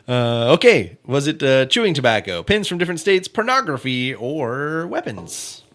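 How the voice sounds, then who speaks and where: A man's voice: medium pitch, sing-song, unhurried, a bit bright. A man hosting a true-crime comedy podcast, joking casually and laughing often. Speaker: podcast host.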